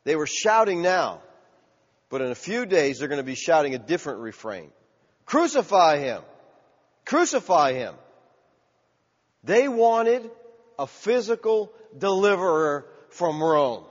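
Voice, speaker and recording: High-voiced man preaching in a reverberant hall. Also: very animated, normal speed. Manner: preaching, rising to loud shouted cries; asks the congregation questions. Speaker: pastor. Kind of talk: sermon. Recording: dull sound with long hall reverb.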